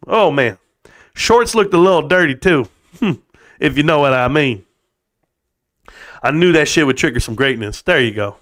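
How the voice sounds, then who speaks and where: A man in middle age talks casually to his livestream viewers, joking and laughing with a slightly raised voice. He slips into silly bits and swears freely. When he tells a personal story, he lowers his voice and speaks more quietly. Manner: goofy, laughing, swearing, bursts of put-on voices. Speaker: livestream host.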